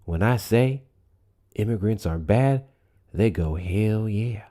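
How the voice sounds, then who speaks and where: A man's voice: lowish voice, expressive, takes it slowly, warm tone. A man doing a smug, stubborn bigoted voter. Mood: smug mocking. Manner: mocking, sing-song taunting. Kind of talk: mocking impression.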